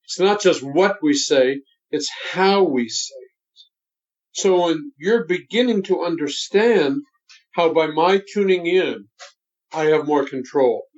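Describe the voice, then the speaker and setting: A man in his seventies, a voice coach, talking in a deliberate and emphatic instructive way during an interview. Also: fairly high pitch, animated. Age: 70s. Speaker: voice coach guest. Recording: dull lo-fi sound.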